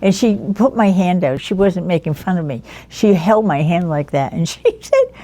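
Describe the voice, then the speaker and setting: A woman in her nineties telling the story of her life in an interview, lively and anecdotal, often chuckling as she recalls people. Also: fairly low pitch, moderate pace. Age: 90s. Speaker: interviewee, veteran educator.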